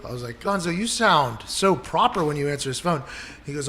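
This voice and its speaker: A male podcast host chatting casually and acting out stories with lively quoted voices. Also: on the high side, fast talker, slight background noise. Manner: animated storyteller, acts out quoted calls. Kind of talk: casual chat. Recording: live audience crowd behind.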